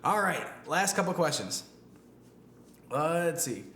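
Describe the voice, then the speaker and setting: A man's voice: on the high side, animated, measured pace, creaky, pushed and bright. Chatty man hosting a live stream. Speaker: host reading viewer questions. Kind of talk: casual live-stream chat. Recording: echoey room, faint noise.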